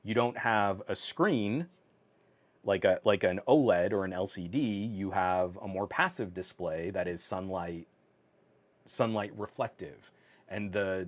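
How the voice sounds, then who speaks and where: A man whose voice sits low speaks a little slowly during a casual tech livestream from his home office. He chats through viewer comments, laughing often and leaning on fillers, all recorded via the on-camera mic.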